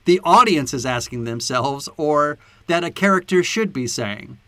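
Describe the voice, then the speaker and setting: Animated, bright-voiced male podcast host. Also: a little high, moderate pace, no room sound. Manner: animated, laughing, profane. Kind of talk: casual movie chat.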